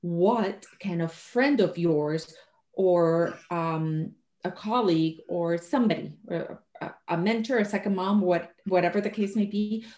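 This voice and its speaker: Animated woman host in an echoey room. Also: on the low side, a little slow. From Puerto Rico. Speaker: podcast host. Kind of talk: casual interview talk.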